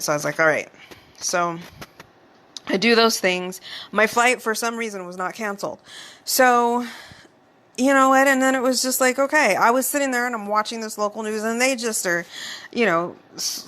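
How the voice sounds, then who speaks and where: A young adult woman with a medium-pitched voice hosts a podcast, telling a personal story in a casual, animated way. She swears now and then and laughs her way through it.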